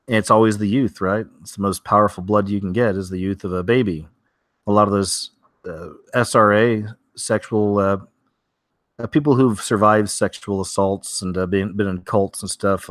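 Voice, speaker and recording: A man's voice: fairly low pitch, a bit bright, dry recording, clean studio sound. A man hosting a weekly strange-news show from home, talking casually and rambling through stories with many fillers and restarts.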